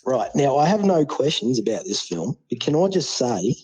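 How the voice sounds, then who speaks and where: A man's voice: medium pitch, very animated, moderate pace, darkish tone, breathy edge, poor audio. A man with an Australian accent, calling in to a podcast and giving a casual, swear-laden review. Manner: laid-back, swears freely, chummy slang. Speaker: caller. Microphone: phone call.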